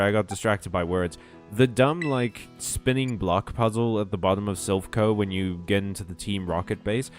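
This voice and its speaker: A man chatting casually over gameplay, rambling, correcting himself and answering his viewers as he goes. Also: on the low side. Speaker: streamer.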